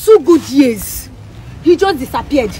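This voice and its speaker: A woman's voice: high-pitched, lively intonation, a little slow, background noise. A woman playing a distraught young woman in a scripted skit, hurling tearful accusations. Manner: frantic, tearful accusations, shouting.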